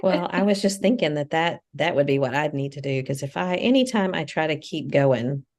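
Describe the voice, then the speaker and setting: A woman co-hosting a casual chat show, supportive and unhurried as she reassures her friend. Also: deep voice, lively intonation, a little mellow. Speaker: podcast co-host.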